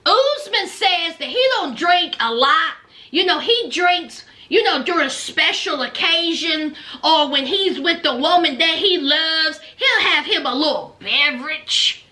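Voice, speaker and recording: Woman, sassy casual commentary, chatty, very high pitch, bright and sharp. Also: expressive, unhurried. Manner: sassy, chatty, laughs at her own jokes. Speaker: reality show recapper.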